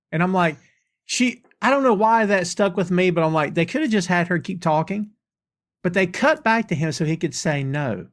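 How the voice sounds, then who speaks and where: A man's voice: sits high, animated, moderate pace, no echo. Casual male podcast host recapping. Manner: retells dialogue line by line, conversational. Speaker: podcast host reviewing a TV episode. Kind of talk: casual chat, recapping scenes.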